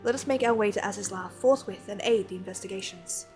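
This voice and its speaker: A woman's voice: mid-range voice, fast, darkish tone, soft background music, natural voice. A woman reading as an earnest fantasy scholar. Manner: reads archaic game dialogue aloud.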